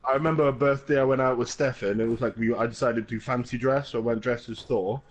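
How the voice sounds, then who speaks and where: A man's voice: medium pitch, steady tone, fast. A man co-hosting a podcast, telling stories in casual chat with lots of laughing and swearing. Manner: laughing, crude banter. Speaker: podcast co-host.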